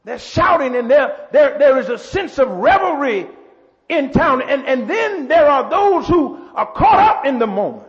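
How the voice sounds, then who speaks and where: A pastor preaching a sermon. He builds to shouts, repeats words and calls out to the congregation. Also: very high-pitched, big pitch swings, measured pace. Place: church. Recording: muffled church hall with long echo.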